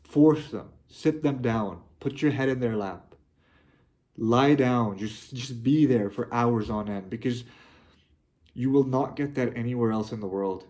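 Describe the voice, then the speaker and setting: A young man talking to his viewers, heartfelt and halting, often restarting his sentences. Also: medium pitch, a little mellow. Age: young adult. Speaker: vlogger. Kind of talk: personal reflective monologue.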